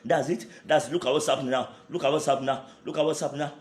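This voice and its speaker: A man's voice: a little high, steady tone, fast, echoey room. A man, a pastor leading fervent prayer and speaking in tongues between repeated prayer lines.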